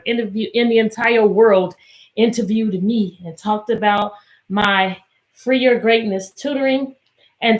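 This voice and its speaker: A cheerful woman teacher from Virginia talks to children on a video call. Her voice sits a little high, and she greets each kid by name with bright encouragement. Now and then she half-sings a question to the group. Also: low-quality recording. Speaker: teacher and tutor hosting an online read-aloud. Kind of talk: live online reading session with children.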